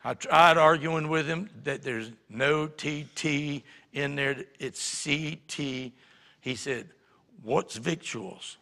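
A man preaching a sermon as pastor, telling stories that swing from quiet asides to emphatic points. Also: on the high side, steady tone, slow pace, creaky, long reverb tail. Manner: storytelling, shifts between quiet and emphatic. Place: church sanctuary.

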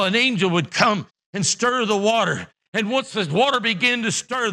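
A man preaching with a high, bright, ringing voice. He delivers an impassioned church sermon, swinging into shouts at the peaks and acting out the voices of the people in his Bible stories, recorded in a church sanctuary. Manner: acts out Bible characters' voices. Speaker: pastor.

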